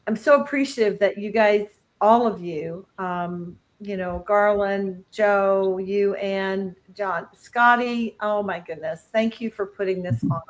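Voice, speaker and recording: Slow-talking emotional woman guest. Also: medium pitch, rough recording. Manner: emotional, grateful, halting. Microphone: video call.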